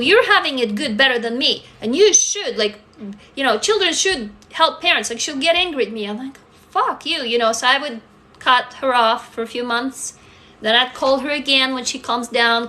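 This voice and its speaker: A woman's voice: a little high, bright, forceful tone. A woman in her forties from Russia, talking candidly and emotionally to viewers on a phone livestream. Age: 40s. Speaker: livestream host. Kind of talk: casual livestream talk to viewers.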